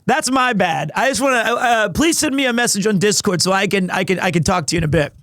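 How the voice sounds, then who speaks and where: Male streamer, high voice, rambling and excitable, dry close mic. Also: fast talker, no echo. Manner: rambling, excitable, self-deprecating. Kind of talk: casual live-stream chat.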